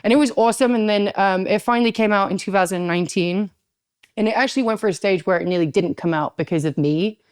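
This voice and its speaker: A woman in her thirties, a podcast guest telling stories in an animated, salty way and acting out what people said. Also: medium pitch, fast talker, smooth, no room sound. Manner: animated, swears freely, acts out quotes. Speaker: guest, pro wrestler. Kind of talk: storytelling in a casual podcast chat.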